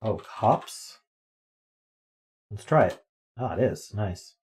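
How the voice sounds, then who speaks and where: A man with a lowish voice talks slowly and unhurriedly into a desk mic. He streams live from home, thinking aloud through word puzzles, trailing off into ums as he tries words. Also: animated, a little mellow. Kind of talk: casual live-stream chat while playing word games. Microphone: desk microphone.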